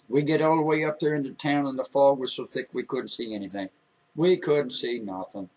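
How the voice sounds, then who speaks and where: Husky man telling a story with many restarts. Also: medium pitch, a little mellow, far from the mic, low-quality recording. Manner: earnest, halting, with many restarts. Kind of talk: emotional personal storytelling.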